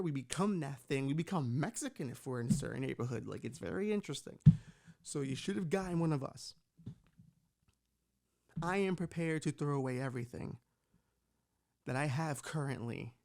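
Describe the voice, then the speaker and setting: A man's voice: fairly high pitch, a little mellow. A young man from Bushwick, hosting a podcast and riffing through a profane, rambling comic rant. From Puerto Rican from Bushwick, New York. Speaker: podcast host.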